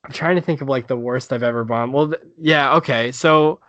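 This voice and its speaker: A man's voice: medium pitch, brisk, fairly bright tone, no room sound, muffled recording. A male stand-up comedian telling a story in a casual podcast chat, rambling with many fillers and restarts.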